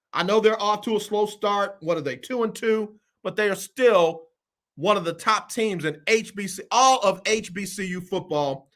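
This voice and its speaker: A man hosting a casual sports talk show, running through his football picks in a lively way and repeating his phrases. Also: high-pitched. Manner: animated, repeats phrases, Southern US Black vernacular.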